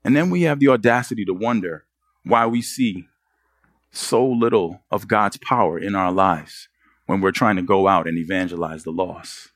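A man's voice: sits low, normal speed, dry recording, studio quality. A man preaching a sermon as pastor, pressing the congregation with earnest rhetorical questions.

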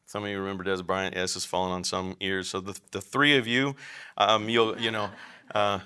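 A man's voice: low voice, level tone, normal speed, sharp tone, clear, resonant tone. A man teaching a class on biblical counseling, lecturing in an emphatic, conversational way and asking the room questions.

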